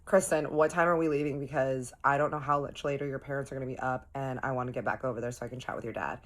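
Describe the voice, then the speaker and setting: A woman voicing a grumpy, dismissive rich man who answers curtly and flatly. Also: very deep voice, quick pace. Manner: flat, dismissive.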